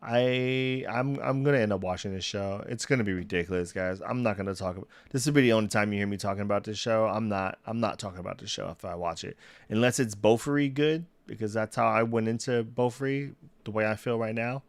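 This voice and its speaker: A man's voice: fairly low pitch, fairly quick, no room sound. A young man chatting casually on a solo livestream, rambling, restarting sentences and laughing at himself. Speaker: streamer. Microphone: desk mic.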